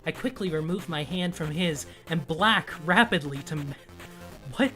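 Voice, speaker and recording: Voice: medium pitch, expressive, moderate pace, pushed and bright, soft background music. A co-host reading fanfiction aloud in a casual comedic way, laughing often and swearing between lines. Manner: laughs often, swears, reads with mock drama.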